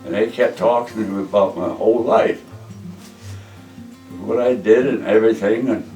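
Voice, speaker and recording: A man's voice: lowish voice, moderate pace, dark tone, roomy sound, distant mic, faint music behind, poor audio. Older man telling war memories. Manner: plainspoken, repeats "he says" while retelling dialogue. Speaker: veteran interviewee. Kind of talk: oral history storytelling.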